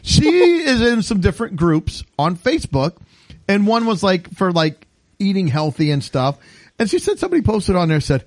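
A man's voice: sits high, normal speed, no echo. A man hosting a podcast, telling stories in casual chat and laughing often. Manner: laughs often, animated storytelling. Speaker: podcast host.

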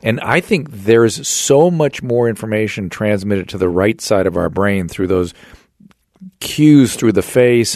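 A middle-aged man hosting a podcast interview, thinking aloud with many halting restarts. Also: fairly low pitch, a little mellow, no room sound, studio quality. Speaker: podcast host. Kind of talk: casual interview talk.

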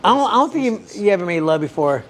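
A man bantering crudely on a podcast, teasing the others with quick interjections. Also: high voice, very animated, a crowd in the background.

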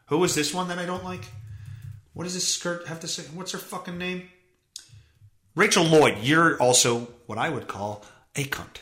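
A man's voice: on the high side, moderate pace, long pauses, fairly bright tone, reverberant. A male podcast host reading news stories aloud and mocking them with sarcastic, profane commentary. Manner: sarcastic, swears often, mocks the stories he reads.

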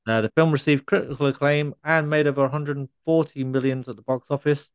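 Male co-host, smooth clear voice, dry close mic, chatty and giggly. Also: a little high, steady tone, fast, dry recording. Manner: laughing while recounting a story. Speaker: podcast co-host. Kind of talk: casual podcast chat.

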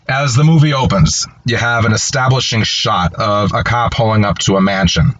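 A man's voice: lowish voice, fairly bright tone, muffled recording. A man casually retelling a movie's plot as an enthusiastic storyteller. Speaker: film reviewer. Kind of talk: casual film recap.

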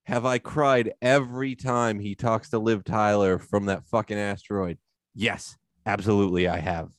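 Man, lowish voice, sarcastic podcast banter, swearing, dry sound. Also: fairly even intonation, normal speed, no echo. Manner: sarcastic, swearing, mock-dramatic. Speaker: podcast co-host. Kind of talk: casual podcast chat.

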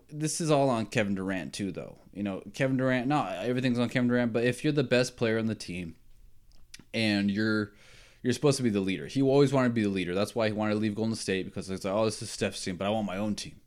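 A man hosting a sports podcast, talking in a casual, opinionated and rambling way, often tagging his points with "right?" and sometimes chuckling at himself. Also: medium pitch. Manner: animated, rambling, frequent "right?" and "like".

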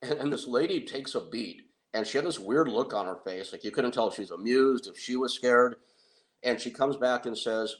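A middle-aged man telling an anecdote in a casual, excitable way, with restarts. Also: medium pitch, moderate pace, poor audio. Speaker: guest storyteller. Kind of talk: casual anecdote on a talk show.

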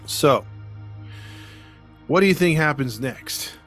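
A man's voice: fairly high pitch, lively intonation, slow, fairly bright tone, soft background music. A man hosting a podcast, retelling a case in casual chat, acting out the quoted voices with frequent laughs. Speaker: podcast host.

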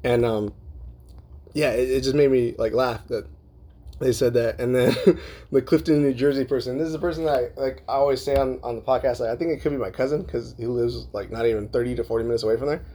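Husky-voiced man hosting a casual podcast. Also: medium pitch, fairly even intonation, fast, warm tone. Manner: loose and profane, full of fillers, laughs often. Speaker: podcast host. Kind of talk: casual podcast chat reading listener emails.

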